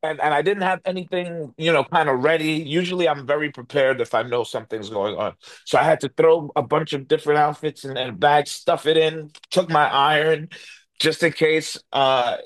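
A middle-aged man from New York, appearing as a guest, tells an animated story in a slightly high, somewhat bright voice at a moderate pace. He rambles with plenty of restarts and fillers and acts out the voices of people he quotes. The close mic gives a dry sound with no room ambience.

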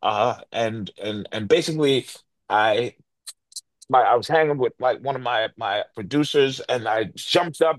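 A middle-aged guest from New York tells an animated story in a loose, rambling way, full of restarts and fillers, at a moderate pace. His pitch is mid-range, and he imitates the voices of the people he quotes. The sound is dry and close, with no room echo.

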